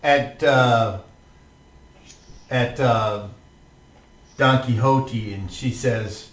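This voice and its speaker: A man narrating as game master for a tabletop game, in a relaxed, hesitant way. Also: medium pitch, drawn-out words. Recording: roomy echo, distant mic.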